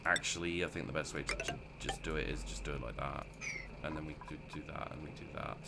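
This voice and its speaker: A let's-play gamer casually commentates as he plays, rambling, mocking himself and talking to himself. His voice is extremely low, gravelly and steady, delivered at a quick pace, and the recording is very noisy.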